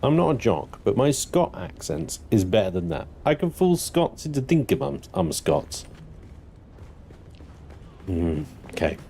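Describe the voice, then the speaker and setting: A man's voice: lowish voice, sing-song, measured pace, vocal fry, mellow, slight background noise. A man live-streaming a game, chatting in a rambling, giggly way. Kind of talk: live gameplay commentary.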